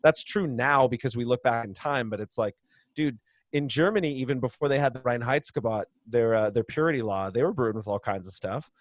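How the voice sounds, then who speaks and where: A man talks through a long, chatty explanation as a podcast guest, laughing along the way. His voice sits at a middling pitch. The sound is dry and close, carried over a video call. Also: brisk, dry recording. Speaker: brewery co-founder guest. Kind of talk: casual podcast interview.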